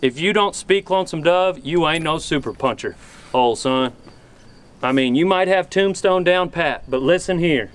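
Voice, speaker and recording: A man with a drawl giving a mock-serious, deadpan comedic talk as a cowboy vlogger. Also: fairly high pitch, moderate pace, smooth.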